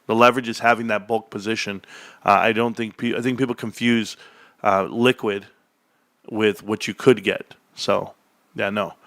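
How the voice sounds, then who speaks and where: A man hosting a casual livestream, reading chat aloud and joking, with sudden loud, high-pitched bursts. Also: moderate pace, vocal fry, no room sound. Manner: animated, jokey, swings into loud high bursts.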